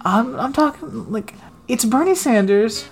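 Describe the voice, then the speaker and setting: A man's voice: very high-pitched, expressive, unhurried, creaky, soft background music. A man co-hosting a casual political talk show, ranting and mocking with plenty of swearing. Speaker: podcast co-host.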